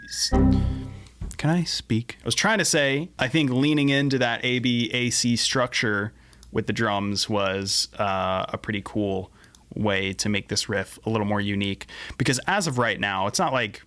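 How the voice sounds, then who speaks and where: His voice is fairly low, pushed, and bright. A musician making a song on camera in his home studio, he chats casually and self-deprecatingly, occasionally stumbling over words, with guitar and drums playing in the background.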